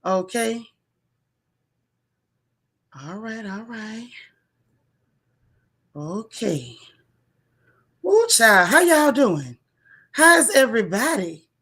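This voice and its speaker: A woman's voice: fairly high pitch, very animated, extremely slow, long pauses, a bit bright, breathy edge. A woman hosting a casual live stream, chatting with her viewers and greeting them by name in a loose, chatty way. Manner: chatty, Southern-tinged African American vernacular, frequent "child" and "y'all". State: out of breath. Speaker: live-stream gossip host.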